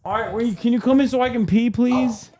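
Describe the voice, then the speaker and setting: A man's voice: very high voice, a little fast, a little mellow. A man hosting a livestream, bantering and joking with his guests. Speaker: streamer host. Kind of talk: casual chat on a livestream.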